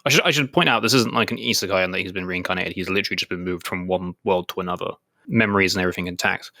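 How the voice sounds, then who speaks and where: A man co-hosting an anime podcast in casual chat, talking fast with lots of fillers and retelling scenes. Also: low-pitched, pushed and bright, no room sound, studio quality. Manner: chatty, many "like" fillers, retells scenes in quoted voices. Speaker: podcast co-host.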